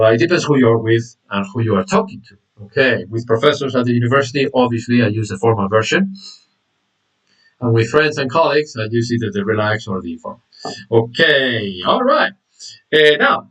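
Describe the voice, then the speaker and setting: Lively male English teacher, far from mic. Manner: lively, acts out example phrases with big pitch jumps. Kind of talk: online language lesson.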